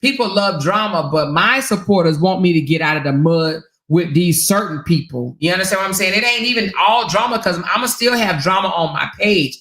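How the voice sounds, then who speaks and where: A woman hosting her own stream, talking bluntly and swearing freely to her viewers, with laughter breaking in often. Her voice is sharp and bright, and it bounces around an echoey room. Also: on the low side, brisk, few pauses. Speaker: channel host. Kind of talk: casual live-stream commentary.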